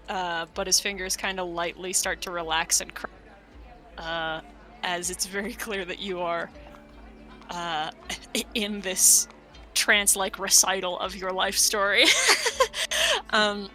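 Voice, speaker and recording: Woman game master, slow and bright, halting narration, soft music under it. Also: fairly low pitch, fairly even intonation. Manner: hesitant, many fillers, laughing.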